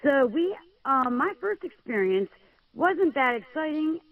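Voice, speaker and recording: A woman's voice: high voice, very animated, measured pace, no room sound. A woman from Pennsylvania calling in to a show, telling a scary encounter in a hesitant way with many fillers. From Pennsylvania, USA. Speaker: caller. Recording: tinny phone line.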